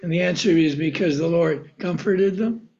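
Male pastor, high voice, sermon of rhetorical questions, dull lo-fi recording. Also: normal speed, gravelly, a little mellow. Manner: rhetorical questions, answering himself.

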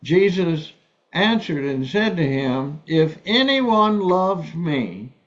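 A man's voice: on the high side, very animated, slow. A man preaching a sermon, earnest, often repeating words as he restarts. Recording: dull lo-fi sound.

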